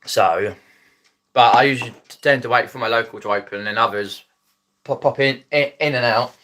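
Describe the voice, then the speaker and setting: With a mid-range, bright and forceful voice at a moderate pace, a Mockney-accented man from Epsom, Surrey, talks casually to viewers on his phone live stream. His South East English chatter rambles, full of ums and restarts.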